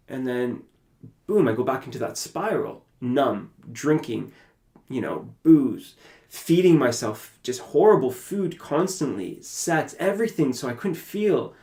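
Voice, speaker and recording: A man from Canada, a podcast guest, telling a personal story in an animated way and acting out his own past conversations. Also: mid-range voice, a little slow. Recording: roomy echoey room.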